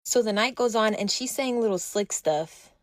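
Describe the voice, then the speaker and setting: A young woman telling a storytime monologue in a blunt, animated way, acting out quotes. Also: on the high side, moderate pace, no room sound, studio quality.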